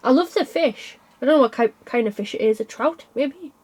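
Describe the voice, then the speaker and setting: Young woman, tired and yawning, rambling craft chat, slightly high voice. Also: a little fast, a little mellow, husky. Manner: rambling, chatty, frequent yawns and laughs. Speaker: cross stitch vlogger. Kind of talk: casual chat.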